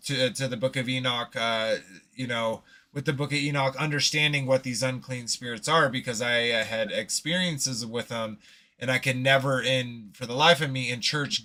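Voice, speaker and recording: A man hosting a casual faith discussion, speaking haltingly and often restarting while he searches for the right words. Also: medium pitch, bright, forceful tone. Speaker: host.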